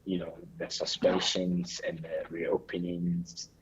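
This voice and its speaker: A man with a Ghanaian accent, a radio interview guest giving measured, explanatory answers. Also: sits low, completely flat delivery, breathy edge, lo-fi sound.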